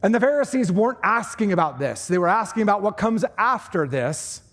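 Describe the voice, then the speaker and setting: High-voiced man preaching a conversational sermon. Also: a little fast. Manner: conversational preaching, animated asides. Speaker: pastor. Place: church sanctuary.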